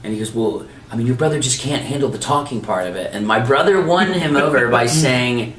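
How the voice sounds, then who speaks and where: A male voice actor telling lively anecdotes in an interview, acting out the voices of people he quotes. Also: mid-range voice, a little fast, roomy sound, recorded from a distance. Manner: animated anecdote teller, acts out quoted dialogue. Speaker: voice actor guest. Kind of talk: storytelling interview. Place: anime convention.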